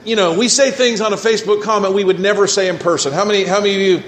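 Animated high-voiced male preacher. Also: racing, slight background noise. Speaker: pastor. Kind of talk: sermon.

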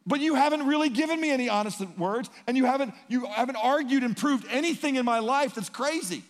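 A man's voice: very high-pitched, a little fast, a little hiss or hum, pitched above the performer's own voice. A preacher voicing a grieving man pleading with friends. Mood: pleading, indignant. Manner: pleading, rising to near shouting. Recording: long reverb in a large hall.

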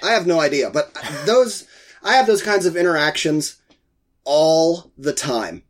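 A man's voice: fairly high pitch, expressive, unhurried. Congested man telling a story. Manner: rambling, exasperated storytelling. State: congested with a head cold. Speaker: podcast co-host. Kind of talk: casual chat.

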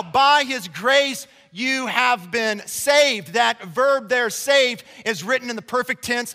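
A man preaching a sermon to a congregation, emphatic and conversational, swinging between loud declarations and hushed passages. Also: extremely high pitch. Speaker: pastor. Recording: long reverb of a large hall.

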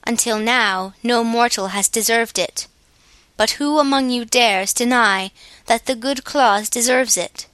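A woman voicing a bold, kindly male immortal who pleads earnestly and slowly before a council. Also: very high voice, pushed and bright, clear, resonant tone, dry recording, exaggerated voice.

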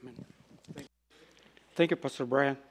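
An older man from El Salvador with a Salvadoran Spanish accent, a native Spanish speaker preaching a sermon in halting English, humorous and self-deprecating, laughing often. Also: medium pitch. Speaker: guest preacher.

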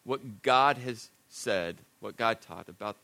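Bright-voiced pastor telling a story. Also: male voice, mid-range voice, takes it slowly, creaky. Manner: conversational, self-deprecating, drops to a hushed voice for serious moments. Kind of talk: sermon with a personal story.

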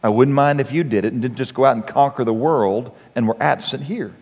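A man giving a sermon-like talk on marriage and parenting, conversational and halting, with frequent restarts and "you know.". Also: mid-range voice, darkish tone, husky. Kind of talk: sermon-like talk with anecdotes and quotes. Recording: dull recording with long hall reverb.

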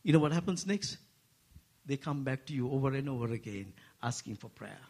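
A man with an Asian accent preaching a sermon to a congregation, making playful asides and lifting his voice high for emphasis. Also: fairly quick. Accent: Asian English. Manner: rising to animated, high-pitched emphasis. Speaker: guest preacher.

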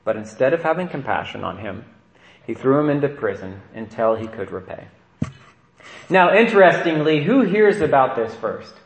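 A man's voice: medium pitch, very animated, normal speed. A man, a priest, giving a conversational sermon and often checking in with "right?". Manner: conversational preaching with frequent "right?" asides. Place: church. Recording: echoey church room.

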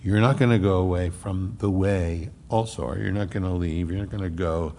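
A male pastor preaching a sermon. He swings between emphatic, rising outbursts and hushed, low asides. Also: normal speed, slight background noise. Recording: long reverb of a large hall.

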